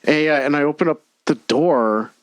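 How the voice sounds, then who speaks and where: A man co-hosting a podcast, telling stories in casual chat, profane and quick to laugh. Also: fairly high pitch, no echo. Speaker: podcast co-host.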